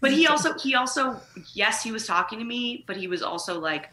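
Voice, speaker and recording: A woman comedian in casual chat, telling animated, profane stories. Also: a little high, brisk, echoey room, a little hiss or hum. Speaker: comedian, podcast guest.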